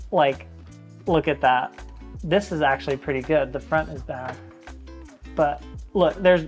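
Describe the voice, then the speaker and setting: A man talking casually to his viewers, chatty and earnest, telling stories with plenty of fillers. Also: on the high side. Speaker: vlogger giving an office tour. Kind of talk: casual tour chat to camera.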